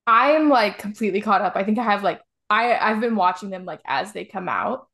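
A woman's voice: medium pitch, lively intonation, brisk, creaky, a bit bright. A young woman co-hosting a podcast in easy, chatty conversation. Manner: chatty, reacts with surprise. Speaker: podcast co-host. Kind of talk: casual chat.

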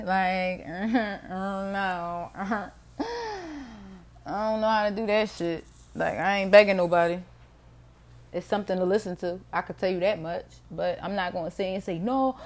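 A woman's voice: medium pitch, vocal fry, darkish tone. A middle-aged woman hosting her own podcast, talking to herself in a rambling, candid monologue, swearing freely and laughing often. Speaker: podcast host. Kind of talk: casual solo monologue.

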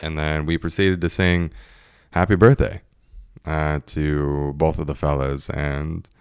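A man's voice: extremely low pitch, little pitch movement, measured pace, a little mellow, clear, resonant tone, no echo, studio quality. A young man in his twenties casually telling a story, laughing often and acting out what his friends said.

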